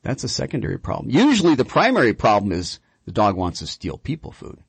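A man hosting a radio call-in show about dog training, telling stories in an animated, chatty way. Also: lowish voice, fast talker, vocal fry, breathy edge, no room sound.

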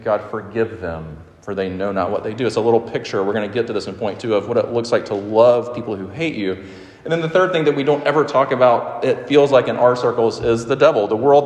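A man, preaching a sermon as pastor in a conversational storytelling way. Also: medium pitch. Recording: roomy echo with long reverb.

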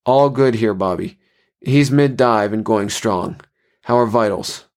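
A man voicing a calm, quiet male dream-diver who speaks low and subdued. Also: a little slow, lightly acted. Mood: steady.

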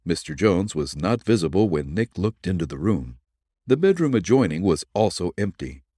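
A man narrating an old detective serial for a podcast, in measured storytelling with lively inflection. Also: low voice, breathy edge, no room sound, clean studio sound. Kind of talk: dramatic audiobook narration.

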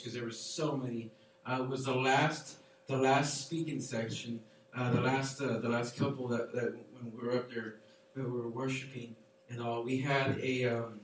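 A young man preaches in a loose, chatty way, his sentences full of uh and kind of. His voice sits at an ordinary middle pitch. It rings through a big, very reverberant hall and is picked up from a distance, with a faint hum of room sound behind it. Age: 20s. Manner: relaxed, rambling, heavy on fillers and hedges. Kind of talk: casual conversational sermon. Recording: very echoey hall, voice picked up from far away.

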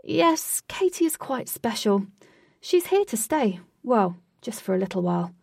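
A woman voicing a calm, mysterious companion, with a husky, gravelly voice. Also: on the high side, a little slow, no room sound, studio quality, far from the mic, full character voice. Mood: knowing.

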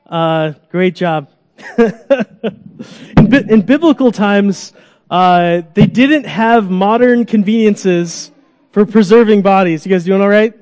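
A man preaching a sermon to a congregation in a church, animated, acting out groans and cries, coaxing children up for an illustration. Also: high voice, slow, big-room sound. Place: church sanctuary.

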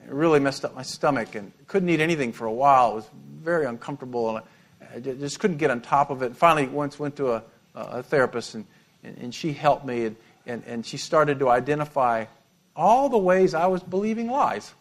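A middle-aged male pastor preaching an animated sermon, with humorous asides and repeated words. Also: medium pitch, brisk.

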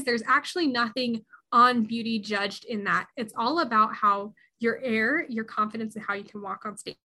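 Young woman in her 20s, interview guest, earnest and reflective, slightly high, bright voice. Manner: earnest and reflective, with frequent restarts. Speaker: podcast guest, harpist. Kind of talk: interview answers.

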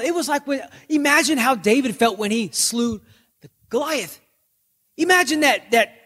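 A man preaches in an easygoing, humorous way, spinning everyday stories into his message. His voice sits high for a man. The sound rings with a long reverb, as if in a large hall. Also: animated, normal speed, fairly bright tone, breathy edge. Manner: joking, storytelling preacher. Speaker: pastor. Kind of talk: conversational sermon podcast.

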